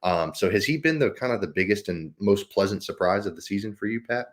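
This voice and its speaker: A man hosting a casual sports podcast, easygoing and quick to laugh, with lots of ums. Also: lowish voice, expressive. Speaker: podcast host.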